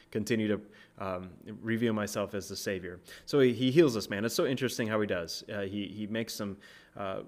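A man giving a casual, conversational sermon, retelling a Bible story, often asking "right?" and lifting his voice for quoted lines. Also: on the low side. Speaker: preacher.

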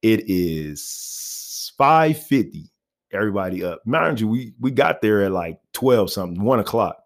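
A man's voice: fairly low pitch, lively intonation, a little slow. A man telling a personal story in a casual, rambling way, full of fillers. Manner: rambling, laid-back, many fillers and "you know what I mean".

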